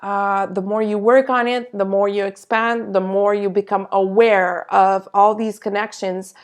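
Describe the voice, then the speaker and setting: A woman's voice: medium pitch, level tone, measured pace, smooth. A woman channeling a spiritual energy update, speaking in a reassuring way and sometimes searching for her words.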